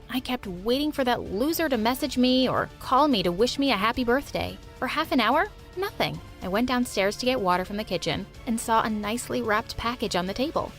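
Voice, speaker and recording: A woman narrating a dramatic first-person story in an expressive way. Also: medium pitch.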